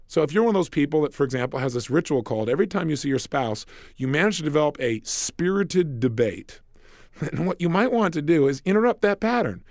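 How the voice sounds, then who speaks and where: A man delivers a motivational lesson with bold, emphatic energy, acting out little exchanges as he goes. His fairly high voice swoops widely and carries a gravelly rasp, captured close and dry. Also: a little fast, no room sound. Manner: animated and emphatic, acting out dialogues. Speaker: self-help speaker. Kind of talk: recorded motivational program.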